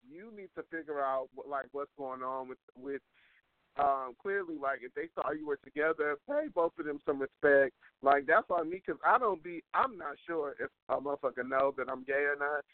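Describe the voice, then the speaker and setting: A man's voice: a little high, normal speed, no echo. A man co-hosting a podcast, chatting in an opinionated, casual way with many fillers. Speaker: podcast co-host. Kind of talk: casual chat. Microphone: phone call. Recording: tinny phone-line sound.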